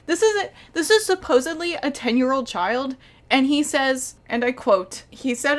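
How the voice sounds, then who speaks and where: A woman's voice: on the high side, lively intonation, normal speed, low-quality recording. A young woman in her twenties, an animator, giving a casual video review in an incredulous, sarcastic way, often laughing.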